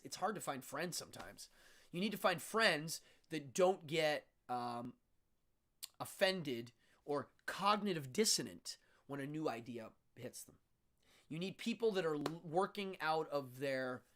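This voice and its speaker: This stage magician from Pennsylvania, USA, hosts a casual livestream, chatting loosely with viewers, answering their comments and chuckling often. His voice is a little high and a bit bright.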